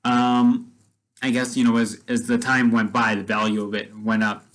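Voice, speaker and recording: A man's voice: medium pitch, completely flat delivery, moderate pace, a bit bright, rough recording. Rambling man retelling a story. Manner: rambling, many restarts and fillers. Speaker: storyteller vlogger.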